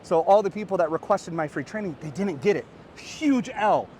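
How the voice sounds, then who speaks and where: Energetic man coaching outdoors. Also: sits high, moderate pace, a little hiss or hum. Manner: energetic, animated and earnest, rising to excited peaks. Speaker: podcast host and coach. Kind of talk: motivational talk to camera. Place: outdoors by a beach.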